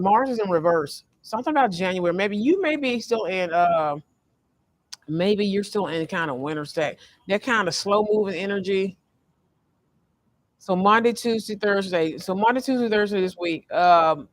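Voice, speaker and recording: Male tarot reader, high voice, casual vlog, meandering delivery with many fillers and restarts. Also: no echo. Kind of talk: casual spiritual card reading vlog. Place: sitting in a fast-food restaurant.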